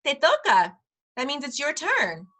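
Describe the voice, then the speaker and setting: A woman teaches a casual parent class with a bright, clear voice that sits a little high. She repeats each phrase slowly for the learners and laughs easily between them. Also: huge pitch swings. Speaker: preschool director teaching a parent Spanish class. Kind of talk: friendly language lesson.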